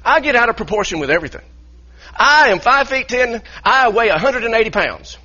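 A man, a pastor, telling an animated story in a sermon with laughing asides. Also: very high-pitched, a little fast. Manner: animated, laughing asides, grows heated in retelling. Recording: dull lo-fi sound.

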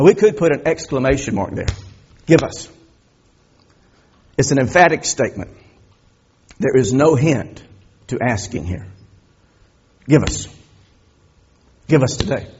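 A man's voice: medium pitch, lively intonation, normal speed, darkish tone, lo-fi sound, slight background noise. A middle-aged man preaching a sermon, building emphasis and asking rhetorical questions of his listeners. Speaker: pastor.

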